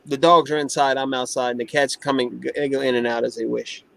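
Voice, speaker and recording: A man speaking outdoors through a headset, chatting in a relaxed, matter-of-fact way. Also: mid-range voice, fairly quick, creaky, no room sound. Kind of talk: casual chat. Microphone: headphones.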